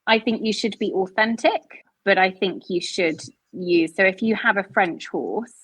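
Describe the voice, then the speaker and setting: West country woman on a podcast, chatty and playful, kinda breathy, dry sound. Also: mid-range voice, expressive, no room sound. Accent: West Country English. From Dorset, England. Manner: chatty, playful, quick to laugh. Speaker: podcast co-host. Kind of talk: casual chat.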